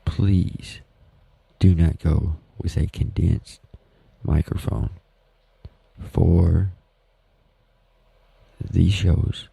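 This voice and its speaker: Speaking very slowly and with long pauses, a Southern US man hosts a casual solo podcast at home. His low, steady voice is mellow, husky and creaky, and his rambling talk is folksy and self-deprecating. The rough recording has no room sound.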